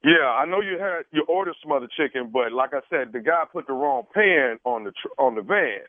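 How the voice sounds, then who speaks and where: A man's voice: mid-range voice, expressive, brisk, no room sound. A man making a prank phone call as a radio host, hesitant and stalling with lots of fillers. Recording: tinny phone line.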